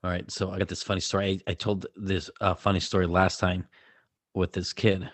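Low-voiced man telling an animated story. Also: brisk, no echo. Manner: animated storyteller, acts out quotes loudly. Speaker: podcast co-host, gymnastics coach. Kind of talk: casual storytelling chat.

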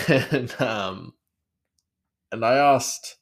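A man's voice: mid-range voice, drawn-out words. A man with an Australian accent who works in a kitchen, chatting casually in a rambling, sarcastic way with lots of fillers. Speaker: kitchen worker. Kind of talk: casual storytelling chat.

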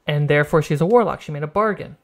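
A man co-hosting a casual podcast chat, explaining points quickly and laughing often. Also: a little high. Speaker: podcast co-host.

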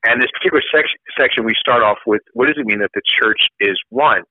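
A man's voice: medium pitch, fast talker, dry recording. A male priest explaining church teaching in a loose, conversational way, with many fillers and restarts. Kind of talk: casual catechism teaching. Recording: phone-like lo-fi sound.

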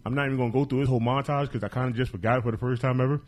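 A man's voice: medium pitch, steady tone, very fast, few pauses. A man hosting a casual podcast, plugging shows in a loose, joking, profane way. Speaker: podcast host. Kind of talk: casual podcast chat with show plugs.

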